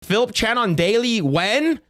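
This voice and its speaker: A man's voice: sits high, expressive, unhurried, fairly bright tone, dry recording. A man streaming live, reading donations in casual chat, stammering and restarting often, joking offhandedly.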